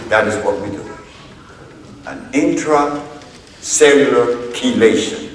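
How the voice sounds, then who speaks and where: A man giving a public lecture, telling a story in an unhurried, emphatic way and acting out the dialogue he reports. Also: medium pitch, a bit bright. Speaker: speaker addressing an audience. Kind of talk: public lecture with retold courtroom exchanges. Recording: echoey hall from far off, faint background noise.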